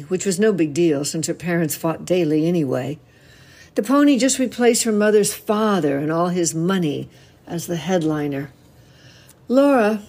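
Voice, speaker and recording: A woman in her seventies, a novelist, expressively reading a passage from her own book aloud. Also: on the low side. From United States. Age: 70s. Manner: expressive storytelling reading with voiced quotes.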